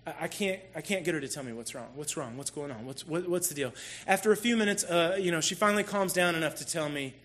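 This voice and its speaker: A man telling a personal story in a sermon, animated and self-deprecating as he talks to the congregation. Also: fairly high pitch, fast, hardly any pauses. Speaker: church speaker.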